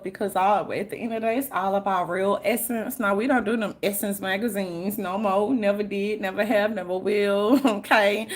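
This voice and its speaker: A young woman vlogger rambling to her viewers in a profane, slang-heavy monologue, laughing often. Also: medium pitch.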